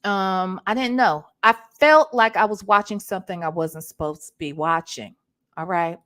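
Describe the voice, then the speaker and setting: A woman vlogger doing animated gossip commentary, repeating herself and talking back to her live chat. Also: on the low side, normal speed.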